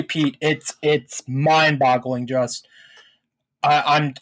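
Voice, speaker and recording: A man's voice: on the high side, slow pace, no room sound. A young man in casual chat, venting profanely about his call-center job and telling stories with lots of swearing. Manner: profane, venting, animated storytelling. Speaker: podcast co-host.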